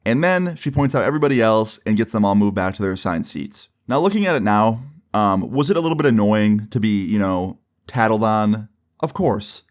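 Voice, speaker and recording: A young man with a fairly low voice recounts a story in a casual, conversational way. His delivery is loose and unhurried, peppered with fillers and the odd curse word. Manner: relaxed, swears casually, fillers like "like" and "you know". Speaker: storyteller vlogger.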